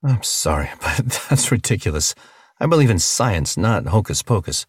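A man's voice: fairly low pitch, sing-song, normal speed, breathy edge, no room sound, studio quality. A man voicing a bewildered young human captive who answers with sarcasm and curses. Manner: sarcastic, cursing.

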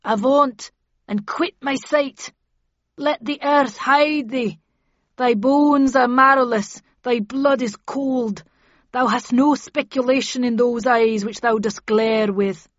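A woman's voice: a little high, slow, no room sound, lo-fi sound, voice pushed up. A raging haunted king, as a woman declaims him. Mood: defiant. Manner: declamatory Shakespearean ranting. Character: furious haunted male king facing a ghost.

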